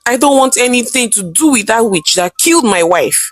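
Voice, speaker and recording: A woman's voice: medium pitch, big pitch swings, a little slow, no echo, faint music behind. Woman doing a grieving husband, pleading. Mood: bitter. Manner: pleading, tearful. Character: grief-stricken young husband, pleading and desperate.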